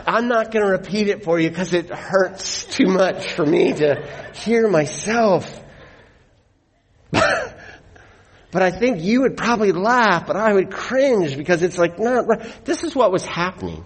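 Slow, earnest male preacher. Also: high-pitched, slightly rough. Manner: animated storyteller, slows for emphasis. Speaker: pastor. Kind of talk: sermon.

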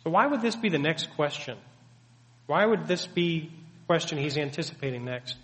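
A man's voice: on the high side, expressive, normal speed. A man preaching a sermon, teaching earnestly and emphatically with many rhetorical questions. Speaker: pastor. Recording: long hall reverb.

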